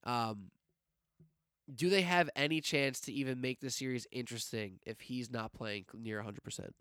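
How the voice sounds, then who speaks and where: A man co-hosting a sports podcast, talking casually and incredulously, quick to laugh. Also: medium pitch, fairly bright tone, clean tone, dry recording, clean studio sound. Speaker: podcast co-host.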